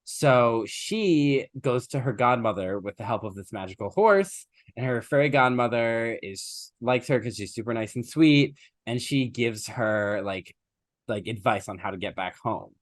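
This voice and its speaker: A podcast co-host with a medium-pitched male voice retells an old story casually and chattily, full of fillers and asides. His intonation is lively and his pace measured. The clean studio recording has no echo.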